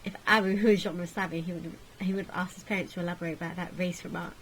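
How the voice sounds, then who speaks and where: A woman's voice: lowish voice, steady tone, fast, a little hiss or hum, rough recording. A woman hosting a gaming video, reading a visual novel aloud in a sarcastic, jokey manner.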